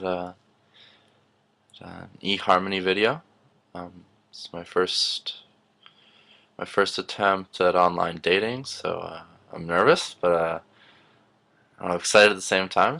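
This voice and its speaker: A man playing a gravelly, nervous wrestling-obsessed dater. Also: sits low, bright, forceful tone, full character voice. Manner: halting, full of ums and uhs. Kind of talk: comic dating-video monologue.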